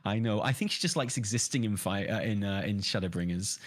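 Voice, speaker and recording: A man's voice: on the low side, brisk. A man talking casually as a podcast guest, joking and rambling with laughs. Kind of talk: casual chat.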